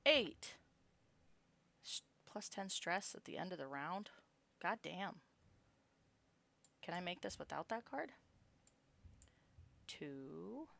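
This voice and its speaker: A woman's voice: lowish voice, expressive, takes it slowly, vocal fry, pauses often, a bit bright. A woman streamer reading game text aloud and chatting casually with her viewers. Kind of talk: game narration and casual live chat.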